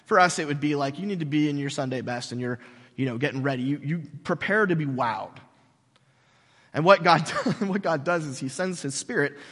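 Male pastor, lively and jokey sermon delivery with sarcastic asides, slightly high voice, long hall reverb. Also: normal speed, husky.

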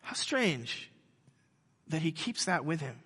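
Man preaching with bright, ringing voice. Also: on the high side, sing-song, slightly rough, in a large hall. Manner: conversational, halting with many restarts. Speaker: pastor. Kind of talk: sermon.

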